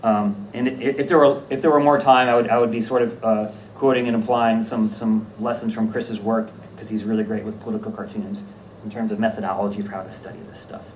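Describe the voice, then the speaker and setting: A man giving a conference talk about slides, lively and self-correcting, often checking in with the audience. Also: fairly low pitch, fairly quick. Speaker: academic conference presenter. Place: lecture room at a conference. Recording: echoey room, distant mic, faint hiss.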